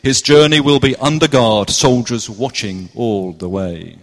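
A man's voice: medium pitch, measured pace, close to an everyday voice. A man playing a jolly sea captain with a Cornish accent, narrating in sing-song rhyming verse during a live church play. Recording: echoey hall.

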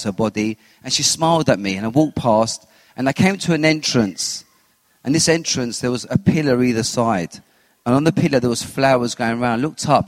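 A man giving a personal faith testimony as an interview guest, telling his story with animated retellings of what he said and thought. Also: mid-range voice, dry recording, long reverb tail. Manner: animated storyteller who acts out his own quotes.

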